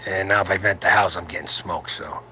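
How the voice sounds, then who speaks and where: A man's voice: sits low, fairly even intonation, brisk, pushed and bright, slight background noise. A man in his seventies hosting a late-night livestream for his powerlifting channel, talking in a crude, rambling, joking way from home while his wife sleeps nearby. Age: 70s.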